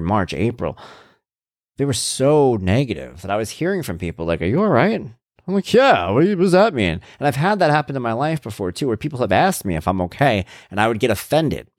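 A man's voice: sits low, dry recording, clean studio sound. A man in his thirties hosting his own show, speaking in a candid, reflective personal monologue full of fillers and restarts. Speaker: blogger and podcast host.

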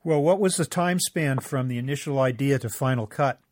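A man's voice: medium pitch, fairly quick, darkish tone, dry recording. A man hosting a radio show, asking long rambling multi-part questions with restarts. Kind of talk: interviewing a guest.

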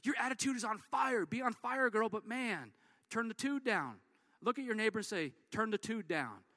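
A man preaching a sermon in an energetic, conversational way, repeating and restarting words as he drives his points home. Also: very high-pitched, normal speed, no echo, clean studio sound. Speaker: pastor.

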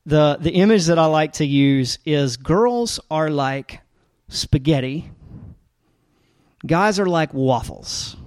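A man preaching a sermon as a pastor, talking casually with lots of fillers and restarts, and getting animated when he tells stories. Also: fairly high pitch, dry recording, studio quality. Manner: conversational, rambling with fillers and restarts; animated storytelling with rising energy.

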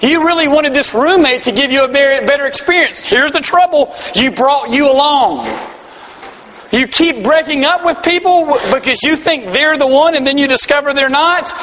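A high-voiced man preaching a sermon, earnest and emphatic and quick to poke fun at himself. The live recording sounds dull and carries a long hall echo. A faint hiss sits underneath. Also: bright, forceful tone. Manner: earnest, emphatic, self-deprecating humor. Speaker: pastor. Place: large hall before a live audience.

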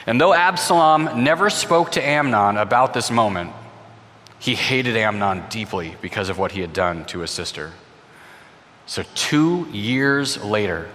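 A man retelling a Bible story with expression, speaking straight to his listeners and restarting words as he goes. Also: lowish voice. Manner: expressive, voices the characters, repeats words when restarting. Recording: long hall reverb.

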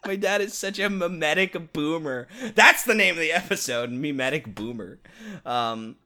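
A young man co-hosting a podcast in casual chat, animated, cursing often and laughing as he tells stories. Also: a little high, moderate pace. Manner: animated, swearing, breaks into laughter. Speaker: podcast co-host.

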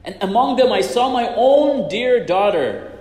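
A man's voice: high-pitched, sing-song, measured pace, a little mellow. A man preaching and retelling a religious story in an earnest way, often repeating himself as he goes. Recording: echoey hall with long reverb.

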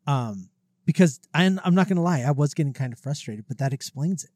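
A man's voice: fairly high pitch, animated, brisk, darkish tone, no room sound, studio quality. A man co-hosting a podcast in casual chat, blunt and swearing freely, joking about himself. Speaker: podcast co-host. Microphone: close podcast mic, breathes into it.

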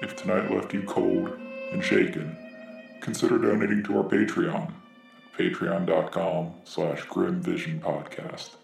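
A man playing a sinister horror anthology host, delivering a scripted outro in a deep gravelly drawl. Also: level tone, unhurried, darkish tone, far from the mic, heavily acted. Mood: ominous. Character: sinister gaunt male horror host, grim. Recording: roomy echo, set back from mic. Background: music.

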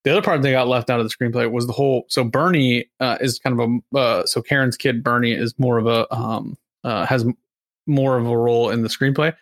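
Man, fast rambling recap of scenes, dry close sound. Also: medium pitch, fairly even intonation, dry recording. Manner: rambling, acts out lines from scenes. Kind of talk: casual chat recapping a movie.

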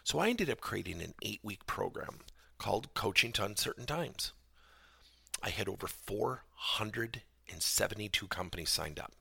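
A man's voice: on the low side, animated, moderate pace, creaky, sharp tone, breathy edge, dry recording, clean studio sound. A middle-aged man, a business coach, tells the story of a coaching session and acts out both sides of the dialogue.

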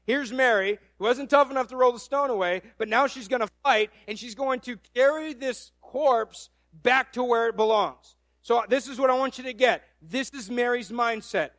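A man preaching a sermon, his voice sitting noticeably high for a man. He retells the story with animation, slips into quoted voices and often restarts his phrases. The sound is close and dry, with no room around it. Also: normal speed, few pauses, a bit bright, no room sound.

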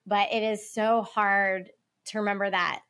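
A woman podcast host closing an interview in a measured, reflective way. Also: medium pitch, level tone, a bit bright. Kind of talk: interview wrap-up.

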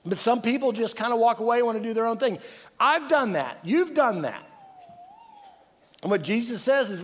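Middle-aged male pastor, high-pitched, energetic preaching with call and response, heard in a reverberant church hall. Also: moderate pace, long pauses. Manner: energetic, calls for crowd responses, restarts phrases. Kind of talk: sermon.

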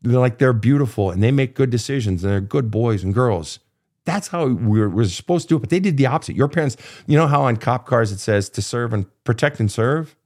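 A man's voice: mid-range voice, lively intonation, a little fast, a little mellow. A man in his fifties coaching a guest through childhood pain in a blunt, profane, impassioned way. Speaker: therapist host. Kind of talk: emotional coaching session.

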